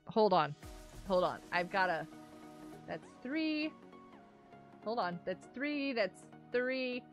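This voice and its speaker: A woman's voice: high-pitched, pushed and bright. A woman hosting a casual gaming livestream, chatting with viewers, giggling often and reading out chat messages. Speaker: livestream host.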